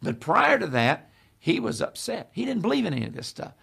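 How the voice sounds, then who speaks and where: A man's voice: high voice, brisk, vocal fry, breathy edge. An older man preaching, telling a testimony story and acting out the people in it. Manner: animated storytelling, acting out quotes. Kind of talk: testimony sermon.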